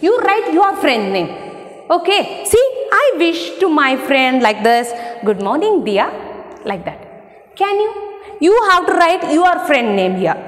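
Woman teacher, slow and sing-song, spelling words out for young pupils, echoey room with a long tail. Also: high-pitched, sing-song. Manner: spells words out letter by letter, asks and answers questions. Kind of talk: classroom lesson for young children.

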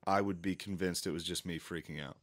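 A man co-hosting a podcast in casual chat, cutting in with relaxed, teasing remarks. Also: low-pitched, brisk. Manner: laid-back, teasing interjections. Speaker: podcast co-host.

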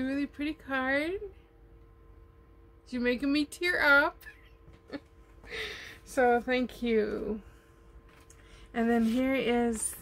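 A woman chatting casually as she unboxes gifts in her RV, gushing over each item. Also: fairly high pitch. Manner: gushing, slow, lingering on her words. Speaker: vlogger. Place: home in an RV.

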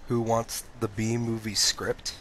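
Young male streamer, laid-back and sleepy, lowish voice with a bright edge, swears casually while playing. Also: flat delivery, a little slow, a little hiss or hum. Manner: laid-back, swears freely, answers chat. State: sleepy, phlegmy throat. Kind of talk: casual gaming stream chat.

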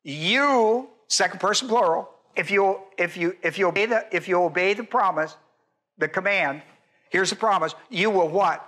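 Older man, pastor, emphatic sermon, high voice, bright tense tone, repeats points, quizzes the congregation. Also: normal speed. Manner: emphatic, repetitive, asks the congregation questions. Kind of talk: expository Bible-teaching sermon.

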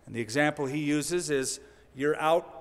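A man's voice: on the high side, moderate pace, long reverb tail. A male pastor preaching a sermon in a conversational way, with dry humorous asides.

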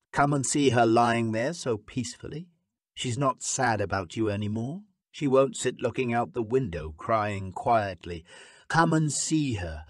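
A man's voice: medium pitch, darkish tone, dry recording, clean studio sound, pitched above the performer's own voice. A man voicing a bitter, furious woman nurse. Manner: accusing, scornful, raising her voice. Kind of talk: audiobook character reading.

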